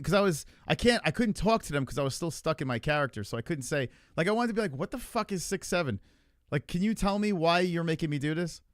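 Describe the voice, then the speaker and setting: Studio-quality audio with no room sound captures a man with a slightly high voice hosting a livestream. He reads the chat and talks in a loose, rambling manner, cursing frequently.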